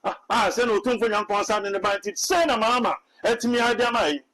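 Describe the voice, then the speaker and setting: Ghanaian male prophet, high voice, preachy and halting. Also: fairly bright tone, low-quality recording. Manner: preachy, repetitive, hesitant restarts. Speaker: self-styled prophet. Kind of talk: animated Twi commentary mixed with English.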